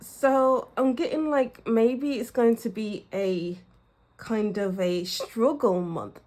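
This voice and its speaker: A young woman reading tarot for her viewers in a casual, musing way, often searching for words and laughing softly. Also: fairly high pitch, takes it slowly. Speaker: tarot reader.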